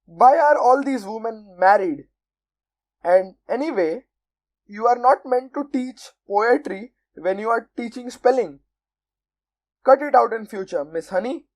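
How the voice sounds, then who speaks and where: A woman's voice: fairly high pitch, expressive, a little slow. Woman reading as a bellowing tyrant headmistress. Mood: scornful. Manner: snapping, bellowing. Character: bullying giant headmistress, sarcastic and cruel.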